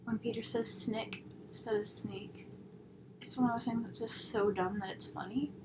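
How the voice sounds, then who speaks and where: A woman's voice: on the high side, fairly even intonation, normal speed. Rambling young woman reviewer, noisy room. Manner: rambling, tangent-prone, sarcastic asides. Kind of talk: casual chat. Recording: audible background noise.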